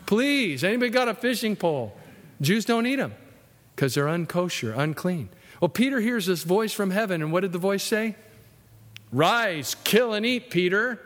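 A man preaching a sermon in a lively, conversational way, jumping into high voices when he acts out what people said. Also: normal speed. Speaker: pastor. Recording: long hall reverb.

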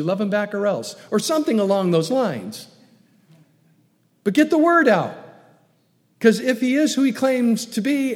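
Sex: man. Role: pastor preaching in a reverberant hall. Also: high voice. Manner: emphatic, swings between loud urging and soft hushed asides. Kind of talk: sermon.

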